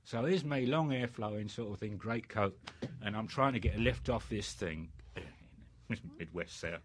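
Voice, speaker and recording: A man's voice: lowish voice, measured pace, a little hiss or hum. Older British man telling rambling stories. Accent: British English. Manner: rambling anecdotes with many fillers. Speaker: interviewee. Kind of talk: storytelling in casual chat.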